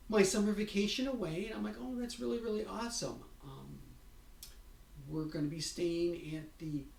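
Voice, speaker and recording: A woman's voice: sits low, creaky, a little mellow. A middle-aged woman vlogger chatting about her week, gushing and restarting her sentences as she tells stories. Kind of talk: casual personal update. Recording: roomy, distant mic, faint room noise.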